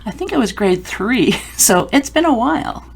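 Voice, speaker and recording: A woman in her fifties from Canada, hosting a podcast and chatting with her guest, encouraging and quick to laugh. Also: fairly high pitch, lively intonation, creaky, slightly rough. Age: 50s. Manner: warm, encouraging, laughs often. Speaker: podcast host. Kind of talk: casual interview chat.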